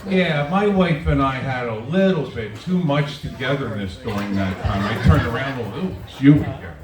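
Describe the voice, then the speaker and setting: A man's voice: mid-range voice, normal speed, crowd noise. A man in his sixties doing a self-deprecating stand-up comedy set for a live audience at a winery. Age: 60s. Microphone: camera on a tripod at the back of the room. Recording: echoey room, distant camera mic, audience noise.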